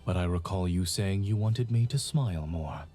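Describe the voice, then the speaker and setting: An actor playing a calm, retired male general in a game, speaking with dry, teasing amusement. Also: low-pitched, moderate pace, soft background music, natural voice. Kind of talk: game character voice acting.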